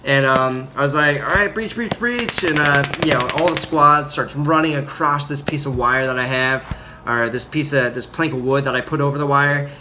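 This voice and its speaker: A young man telling a story about his time as a Marine in a casual, rambling way, full of fillers and loud acted-out quotes. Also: mid-range voice, fairly even intonation, normal speed. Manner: rambling, filler-heavy, acts out quotes loudly. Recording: audible background noise.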